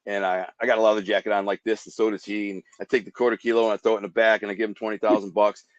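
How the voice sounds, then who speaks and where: A man's voice: lowish voice, flat delivery, racing, no echo. Podcast guest, male, vivid storyteller who mimics gunfire; dry lo-fi sound. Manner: vivid, acts out gunshots with sound effects. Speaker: guest telling life stories. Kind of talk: animated storytelling.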